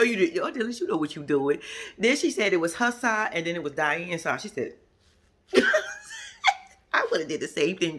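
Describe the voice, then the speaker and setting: In her casual vlog, this woman recaps a reality show episode with plenty of sass and profanity. Her voice is husky, and its highly animated pitch leaps whenever she mimics what cast members said.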